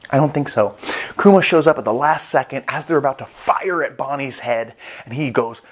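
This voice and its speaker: Man, casual vlog reviewer, rambling, excitable, profane. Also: medium pitch, normal speed. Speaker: anime chapter reviewer.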